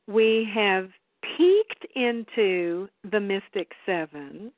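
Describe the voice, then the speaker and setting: A woman hosting a live interview, measured and inviting in how she frames her questions. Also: medium pitch, lively intonation, no echo. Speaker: host. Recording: dry phone-like line.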